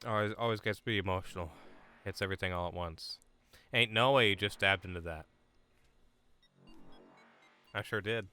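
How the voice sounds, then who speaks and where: A man live-streaming a video game, chatting with viewers in an excitable way, swearing and breaking into sudden loud outbursts. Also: low-pitched, normal speed, pauses often, smooth, faint music behind. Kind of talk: live gameplay commentary.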